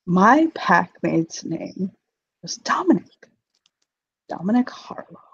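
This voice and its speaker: Husky, menacing male captor played by a woman for a tabletop role-play: low, taunting, slipping into whispers, dull lo-fi mic. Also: lively intonation, a little slow, a little mellow.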